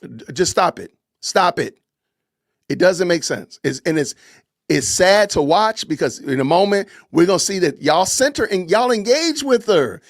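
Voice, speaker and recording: A man's voice: high-pitched, sing-song, moderate pace, no room sound, studio quality. A man hosting a podcast, delivering an impassioned, preachy commentary rant with lots of repetition and emphatic commands. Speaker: podcast host.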